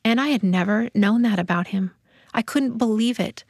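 A woman's voice: on the high side, moderate pace, darkish tone, no echo, clean studio sound. A woman who is a guest on a marriage talk show, telling a personal story candidly with some hesitation. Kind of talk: casual conversation.

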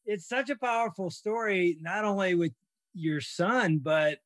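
Male co-host, slightly high voice, encouraging, casual interview, dry close sound. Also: unhurried, no room sound. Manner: warm, emotional, encouraging. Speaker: podcast co-host.

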